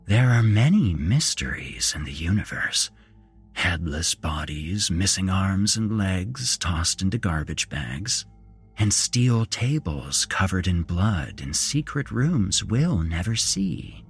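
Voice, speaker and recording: A man's voice: deep voice, sing-song, takes it slowly, slightly rough, soft background music, full character voice. A man voicing a cheerful, creepy grown man who swings from jolly chatter to a hissing whisper. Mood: hissing menace. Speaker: storyteller. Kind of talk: horror story narration.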